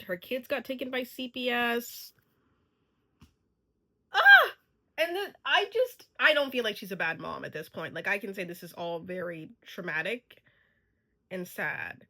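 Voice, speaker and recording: Lively young woman reacting out loud. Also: fairly high pitch, poor audio. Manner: animated, exclaiming and laughing often. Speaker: vlogger reacting to a TV show. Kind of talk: casual reaction commentary.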